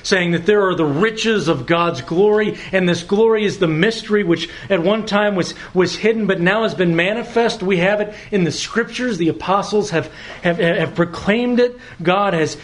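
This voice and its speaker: A male pastor delivers a sermon with a high-pitched voice. He speaks slowly and emphatically, repeating key words and pausing to let phrases land. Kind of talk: expository sermon.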